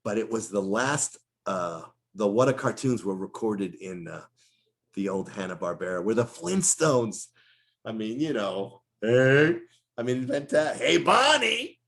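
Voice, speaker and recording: A man's voice: on the low side, measured pace. A middle-aged man, a voice actor, telling stories in a casual interview and slipping into character voices. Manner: animated storyteller who drops into character voices.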